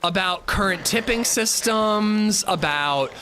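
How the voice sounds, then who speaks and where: A man hosting a casual livestream, telling animated, profane stories while playing and chatting with viewers. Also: high voice, slow pace, a little hiss or hum. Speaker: livestream host.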